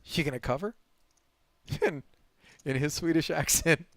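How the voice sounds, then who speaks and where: A man doing live poker commentary and telling animated stories, laughing as he goes. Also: a little high, measured pace, no echo. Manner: animated storyteller, laughs through anecdotes.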